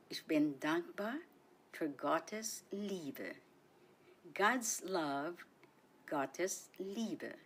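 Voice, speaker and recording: A woman teaches a slow, clearly enunciated language lesson on the radio, her bright, sing-song voice swooping lively up and down in pitch. Cheerfully, she draws out each word very slowly so listeners can repeat it.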